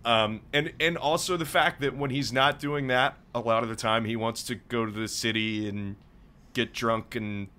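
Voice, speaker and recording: A young man co-hosting a podcast, talking in a measured, thoughtful way. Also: mid-range voice, fairly even intonation, bright, forceful tone. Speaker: podcast co-host. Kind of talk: casual chat.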